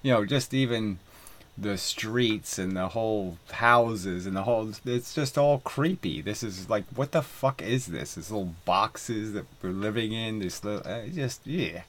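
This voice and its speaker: A man's voice: on the low side, measured pace, a bit bright. A man vlogging in a rambling, profane monologue full of fillers and laughing asides, recorded by a camera mic outdoors on a windy day by the water.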